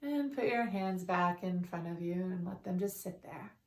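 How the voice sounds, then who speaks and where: A woman guiding a meditation in a calm, soothing way, leading breaths and repeating affirmations. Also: on the low side, normal speed. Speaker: meditation guide. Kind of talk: guided meditation. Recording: roomy, distant from the mic.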